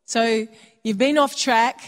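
A woman's voice: on the high side, steady tone, slow pace. A woman preaching a sermon in a conversational way, slipping into quoted voices for little asides. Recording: long hall reverb.

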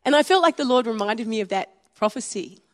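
A woman's voice: on the high side, expressive, a little fast. Australian woman pastor, echoing hall. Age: 50s. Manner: warm storytelling, conversational with frequent chuckles. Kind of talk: sermon. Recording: long hall reverb.

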